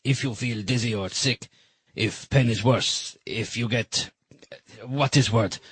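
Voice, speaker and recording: A man voicing a brisk, caring Spanish kayak hire worker who speaks broken English with a Spanish accent. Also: medium pitch, slightly rough, no room sound. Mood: instructing. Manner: matter-of-fact, instructing.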